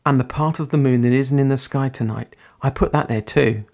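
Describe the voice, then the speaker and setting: A man reading a gentle, teasing young man. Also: medium pitch, fairly quick, natural voice. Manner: gentle, soft-spoken. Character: young man narrating his own tale, gentle and teasing.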